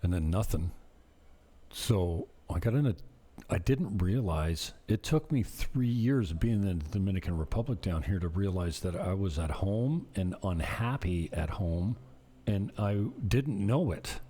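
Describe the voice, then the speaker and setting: Deep husky guy rambling on to his camera, mellow tone, wanders off topic a lot. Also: expressive, measured pace. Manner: self-deprecating, wandering off topic. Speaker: vlogger. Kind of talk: rambling casual monologue to camera.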